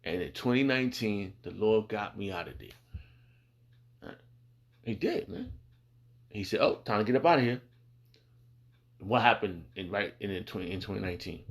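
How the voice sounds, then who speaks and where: A man with a somewhat low voice shares his faith in a loose, rambling way. He swears freely, leans on "man" and "bro", and slows down to read scripture. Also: a bit bright. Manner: reads scripture slowly. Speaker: speaker sharing faith testimony. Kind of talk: casual religious talk.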